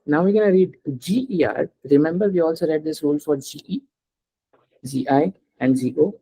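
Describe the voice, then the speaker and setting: A male language teacher with a mellow, slightly husky voice walks a student through pronunciation rules one step at a time. He talks patiently and keeps prompting her to read words out loud. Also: on the high side, normal speed, poor audio. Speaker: French teacher.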